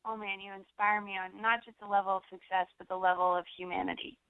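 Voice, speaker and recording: A young American actress chatting in an interview, rambling with lots of fillers and restarts. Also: female voice, mid-range voice, level tone, fast, gravelly, a bit bright, no room sound. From United States. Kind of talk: casual interview chat. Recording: dry tinny phone-like sound.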